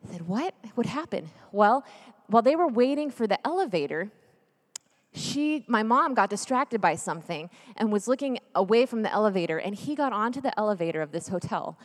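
A woman's voice: mid-range voice, brisk. Chatty woman storytelling in a big hall. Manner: lively, chatty, jokey, then earnest and hushed. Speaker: speaker at a church gathering. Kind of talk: storytelling sermon. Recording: long reverb of a large hall.

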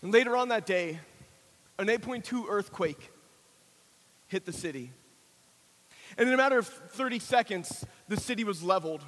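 A man preaching a sermon, telling a dramatic story that builds to shouts and then falls to a hushed prayer. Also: sits high, lively intonation, moderate pace, long pauses. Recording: long hall reverb.

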